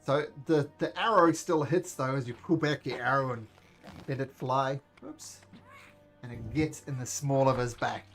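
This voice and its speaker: A man narrating a tabletop game as game master, animated, counting out moves and ruling on dice. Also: mid-range voice, moderate pace. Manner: animated, breaks into goblin voices, counts out movement. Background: faint music.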